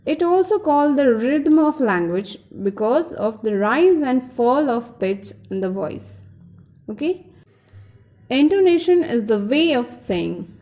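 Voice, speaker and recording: A woman's voice: high voice, very animated, measured pace, mellow. A woman teaching an English pronunciation lesson, patiently explaining and modeling example sentences with exaggerated rises and falls. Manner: frequently asks "Okay?" to check understanding.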